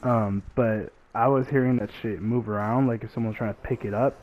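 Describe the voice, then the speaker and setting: A man's voice: mid-range voice, normal speed, lo-fi sound, slight background noise. Profane young man telling a story. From Mexican family. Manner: profane, animated retelling with acted quotes. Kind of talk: casual storytime monologue.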